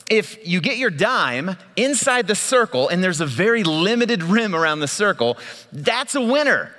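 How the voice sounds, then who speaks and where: A male pastor giving a sermon, telling a personal story in a lively way and laughing often. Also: sits high, moderate pace, in a large hall.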